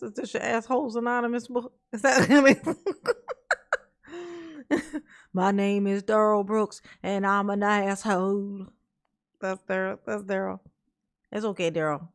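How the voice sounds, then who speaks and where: A woman hosting a commentary stream, taunting and mocking in slangy talk, often breaking into laughter. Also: mid-range voice. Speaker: commentary host.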